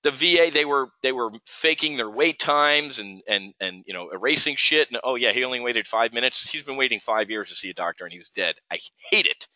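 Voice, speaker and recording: A middle-aged man hosts a live trading show, ranting heatedly in a medium-pitched, expressive voice that's bright and forceful. He talks fairly quickly with few pauses, stumbling and restarting often. The dull, dry lo-fi stream audio has no echo.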